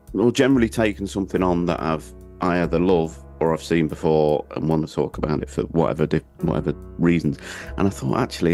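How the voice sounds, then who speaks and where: A man with a very deep voice speaks as a podcast guest. His tone is calm and soothing, and his delivery is unhurried. Faint music plays in the background. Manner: calm, soft-spoken. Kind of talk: casual film podcast chat.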